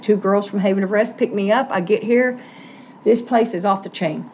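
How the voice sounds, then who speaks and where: A woman's voice: mid-range voice, moderate pace, a little mellow, a little hiss or hum. A middle-aged woman, earnestly telling a personal story in an interview and acting out the voices she quotes.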